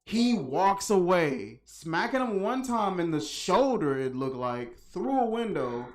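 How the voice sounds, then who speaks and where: Movie reviewer voice, all over the place pitch-wise, roasting every scene, slangy and loose. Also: takes it slowly. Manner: animated, mocking play-by-play with slangy asides. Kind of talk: casual movie review commentary.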